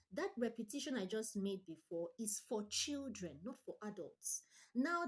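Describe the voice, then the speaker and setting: A woman online tutor giving an emphatic instructional talk, stressing her points with deliberate repetition. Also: on the high side, darkish tone.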